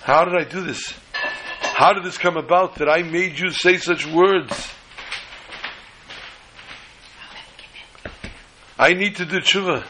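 A man's voice: fairly high pitch, normal speed, noisy background, voice pushed up, close to an everyday voice. A man voicing an anguished elderly rabbi who pleads and reproaches himself in a raised, wailing voice within a spoken story. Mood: remorseful.

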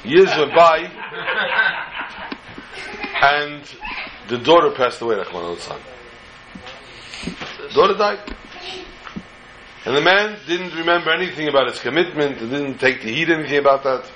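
A man's voice: on the high side, lively intonation, a little slow, pauses often, a bit bright, lo-fi sound, slight background noise. A man telling a religious folk tale in a casual, informal way, with digressions and joking asides. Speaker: storyteller.

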